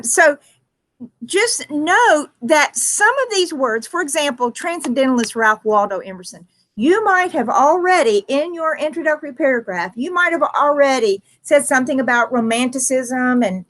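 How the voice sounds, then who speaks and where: A woman teacher giving a recorded writing lesson, thinking aloud with frequent ums and self-corrections, slowing down to stress key words. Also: high voice, a bit bright.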